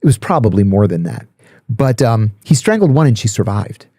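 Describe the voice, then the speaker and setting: A man's voice: fairly low pitch, moderate pace, no room sound, studio quality. A middle-aged man casually telling stories on a podcast, acting out the people he quotes. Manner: animated storyteller, acts out quoted voices. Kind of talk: casual storytelling chat.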